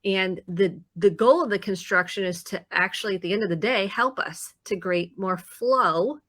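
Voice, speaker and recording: A woman therapist talks through her ideas on a live talk show. Her voice is bright and close, with a dry sound. She explains in an earnest way and acts out the things people say to themselves. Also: mid-range voice, moderate pace, dry recording. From Indiana, US. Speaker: therapist guest.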